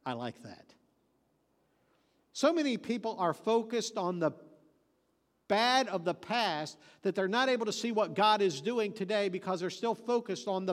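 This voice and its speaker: High-voiced preacher with folksy stories. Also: male voice, big-room sound. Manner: folksy storytelling with joke delivery; emphatic repetition. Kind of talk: sermon.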